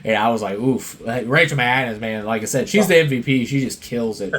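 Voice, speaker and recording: A man's voice: medium pitch, a little fast, a bit bright. A man hosting a casual movie podcast, retelling scenes in a rambling way full of fillers and laughs. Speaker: podcast host.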